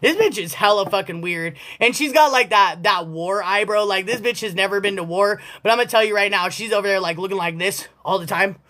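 A woman's voice: medium pitch, fairly quick, hardly any pauses, fairly bright tone. A woman giving a casual collective tarot reading, blunt and profane and often breaking into laughter. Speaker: tarot reader.

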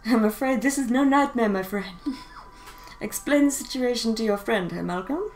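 A woman's voice: a little high, normal speed, faint music behind, close to an everyday voice. Woman playing a gloating mad genius. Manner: gloating, grandiose and loud. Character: boastful mad genius scientist's assistant.

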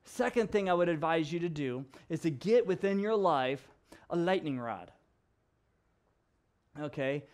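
A man's voice: fairly high pitch, animated, measured pace, pauses often, a little mellow. A middle-aged man pastor talking casually in a vlog, joking and laughing often as he explains. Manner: chatty, jokey, laughs often. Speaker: pastor and professor. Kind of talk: casual devotional vlog talk.

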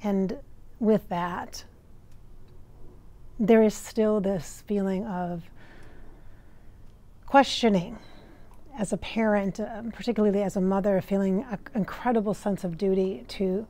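American lady medium passing on messages, slow and halting, keeps hunting for words. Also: medium pitch, steady tone, warm tone. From United States. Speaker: spiritual medium. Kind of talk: relaying messages in a channeling session.

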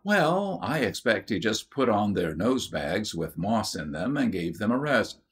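A man's voice: on the low side, big pitch swings, measured pace. A man voicing an eager, chatty youngest little girl.

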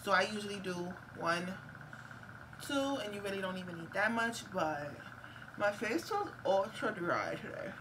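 A woman's voice: mid-range voice, very animated, moderate pace, noisy background. A young woman, chatting casually and candidly through a makeup tutorial, swearing and laughing often. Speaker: beauty vlogger. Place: room at home with a fan on.

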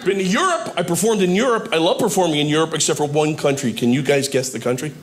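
Punchy Philly stand-up comic. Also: male voice, a little high, animated, fast talker, a little hiss or hum. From Philadelphia. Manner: punchy, crowd-teasing delivery. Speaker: stand-up comedian. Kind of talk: stand-up comedy set.

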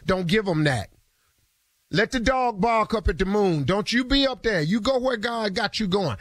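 Radio host, sixties, Southern drawl, preachy motivational talk, slightly high voice, dry studio sound. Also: male voice, lively intonation, normal speed, dry recording. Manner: preachy, folksy, drawling delivery.

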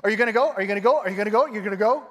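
A man's voice: sits high, racing, lightly acted. A man voicing a nagging child who pesters his dad with the same questions over and over. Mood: pestering. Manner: repetitive, insistent questions.

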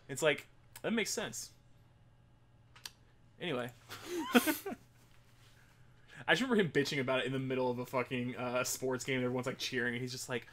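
A man's voice: mid-range voice, normal speed, long pauses, a bit bright. A man co-hosting a let's play in casual commentary, rambling through a story with frequent swearing. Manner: rambling, profane, laughing asides.

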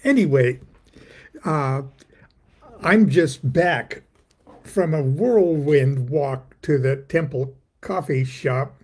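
A man's voice: on the high side, slow, a little mellow, breathy edge. An older man hosting a casual chat, easygoing with dry humor. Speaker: host.

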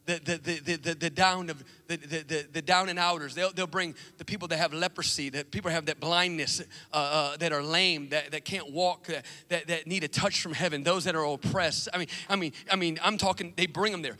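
Animated high-voiced preacher in a big hall. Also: male voice, brisk, few pauses. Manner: animated storytelling, acts out movie scenes. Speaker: pastor. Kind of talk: lively sermon. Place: church sanctuary. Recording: long reverb of a large church hall.

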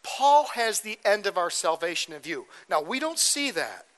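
A man's voice: high voice, sing-song, normal speed, a bit bright, big-room sound. A man preaching a verse-by-verse sermon as pastor, conversational, often checking in with "okay?" and "right?". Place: church sanctuary.

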